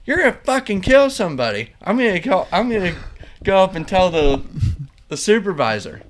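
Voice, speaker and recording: A man's voice: sits high, sing-song, a little fast, crowd noise, voice pushed up. A man voicing a foul-mouthed, angry male coworker who badgers and swears constantly. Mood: ranting.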